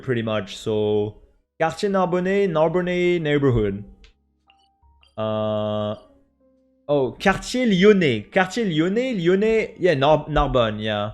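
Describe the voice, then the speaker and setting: A man with a French accent, a native French speaker, chatting casually with his stream audience and talking right to the chat. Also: a little high. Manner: chatty, animated, addresses chat directly.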